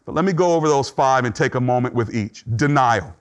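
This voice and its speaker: A man's voice: medium pitch, expressive, a little fast. A middle-aged man preaching a sermon in an earnest, conversational way, acting out short quotes as he teaches. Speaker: pastor.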